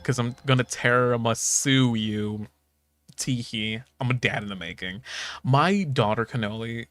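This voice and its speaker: A man's voice: medium pitch, fairly bright tone. A man in his late twenties chatting casually while streaming a game, joking, swearing and laughing often. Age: 20s. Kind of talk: casual gaming stream chat.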